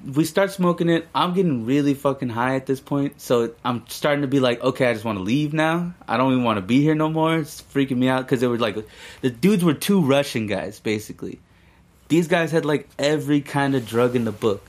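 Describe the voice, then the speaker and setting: Chill young dude rambling through a story, swears a lot, easy podcast chat. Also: male voice, mid-range voice, fairly quick. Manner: profane, rambling, laid-back. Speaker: podcast co-host. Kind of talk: casual storytelling.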